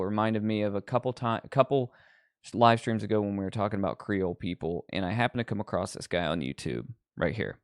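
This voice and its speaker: A man's voice: fairly low pitch, clean tone, no echo, clean studio sound. A man hosting a livestream, rambling casually with lots of ums and likes. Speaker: livestream host.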